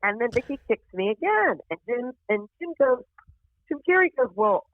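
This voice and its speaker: A woman comedian tells a story in loose, casual chat. Her voice sits high and jumps up further when she acts out other people. The sound is tinny and phone-like, and very dry. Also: sing-song, moderate pace, no room sound. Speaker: stand-up comedian guest.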